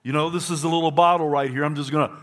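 A man's voice: fairly high pitch, steady tone, very fast, fairly bright tone. A man preaching a sermon to a congregation, emphatic and repetitive, leading them to say phrases back. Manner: emphatic, repeats phrases for the crowd. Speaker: pastor. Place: church.

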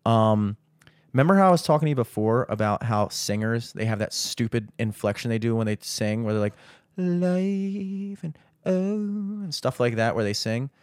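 A man's voice: on the low side, brisk, clean tone, dry recording. A young man hosting a podcast, chatting casually in a rambling, profane, ranting way. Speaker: podcast host. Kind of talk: casual chat.

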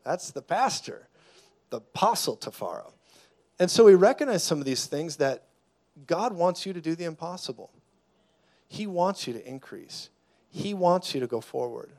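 Guy guest-preaching, highish voice, shouts declarations then goes quiet and intense, cracks jokes. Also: very animated, normal speed, pauses often. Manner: jokey, laughs mid-sentence. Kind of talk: sermon.

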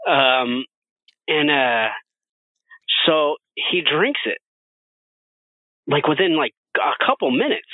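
A man co-hosting a casual podcast, his voice on the higher side and swinging widely as he tells a profane story. He laughs often between his lines. The sound is dry and thin, like a phone line. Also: expressive, takes it slowly, pauses often, no echo. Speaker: podcast co-host.

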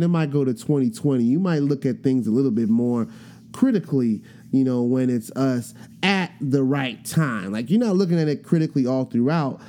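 A man's voice: mid-range voice, warm tone. A man hosting a podcast, telling a personal story in a casual monologue and acting out the voices of the people in it. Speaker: podcast host.

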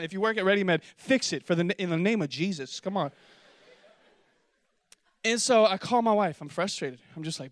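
A young male pastor with a high, bright voice tells a comic story from the pulpit. His sound is close and dry, with no room echo. He shifts into excited, animated voices when he acts out what people said. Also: normal speed, long pauses. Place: church auditorium with congregation.

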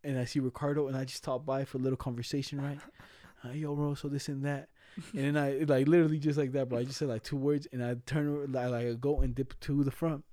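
Young man, casual storyteller, slangy and laughing, mellow timbre, dry recording. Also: medium pitch, flat delivery, quick pace, no echo. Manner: slangy, laughing, acts out quoted voices. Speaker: friend telling stories.

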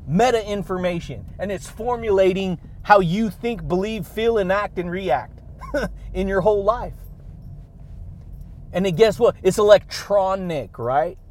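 Male podcast host, high-pitched, exuberant motivational delivery full of laughs and catchphrases. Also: a little mellow, slight background noise. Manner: exuberant, laughs between phrases, drawn-out catchphrases.

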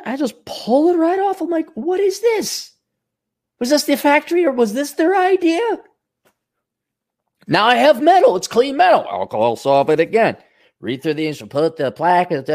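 A man hosting his own show, rambling in a profane, sarcastic monologue. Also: fairly high pitch. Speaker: show host.

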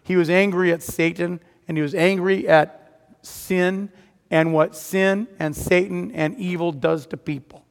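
A man's voice: sits high, steady tone, a little slow, gravelly. A man preaching a sermon, retelling a story dramatically and rising to emphatic peaks. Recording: long hall reverb.

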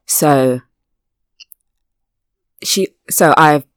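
A woman's voice: low voice, extremely slow, no room sound, studio quality. Chatty woman telling a personal story. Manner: chatty storytelling, animated on key points. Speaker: podcast co-host. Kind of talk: casual podcast discussion.

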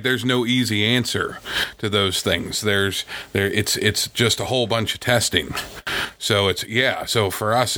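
A man chatting on a casual podcast about his small business, halting and repeating words. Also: on the low side, sharp tone. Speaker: woodshop owner, podcast co-host.

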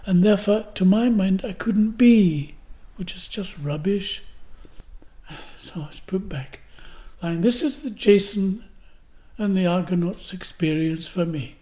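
A man's voice: high voice, takes it slowly, warm tone. An older man from Glasgow, a guest actor telling stories and acting out the lines he quotes. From Glasgow, Scotland. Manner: vivid storyteller who acts out the quotes. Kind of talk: anecdotal storytelling.

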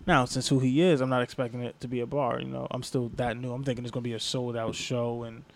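A man's voice: medium pitch, fast talker, vocal fry. A young man, a comedian, telling a story in casual podcast chat and acting out the people in it. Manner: animated storyteller, acts out quoted people.

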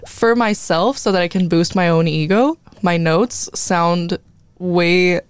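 A woman's voice: lowish voice, slow pace, clear, resonant tone, no echo. A young woman hosting a college radio show, chatting casually, laughing often and mocking herself. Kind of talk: casual chat.

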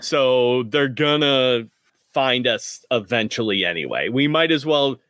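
A man taking his turn as a player in a tabletop game, talking slowly and hesitantly. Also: mid-range voice, expressive, fairly bright tone, no room sound, studio quality. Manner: slow, hesitant and deliberate. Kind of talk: casual play chat.

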